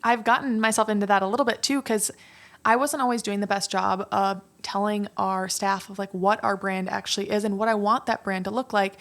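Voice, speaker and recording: A woman's voice: medium pitch, level tone, a little fast, fairly bright tone. A woman business owner, a podcast guest, chatting casually and rambling with many fillers. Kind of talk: casual chat.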